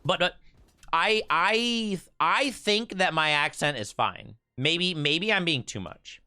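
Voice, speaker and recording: Playing a card game on stream, a young Michigan man talks casually, frequently stammering and repeating himself. He takes it slowly in a high-side voice with lively intonation and a bright, forceful, clear, resonant tone, recorded without echo.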